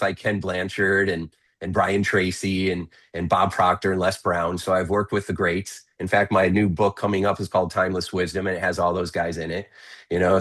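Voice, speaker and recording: Deep-voiced man giving motivational advice. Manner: energetic, persuasive, coaching tone. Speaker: guest, motivational speaker. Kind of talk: podcast interview talk.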